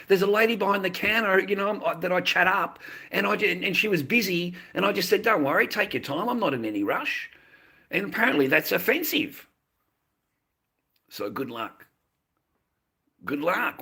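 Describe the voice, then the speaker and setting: Bright-voiced man ranting. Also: sits high, moderate pace, gravelly, slightly rough. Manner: rambling, repetitive, profane. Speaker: live streamer. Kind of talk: casual live-stream rant.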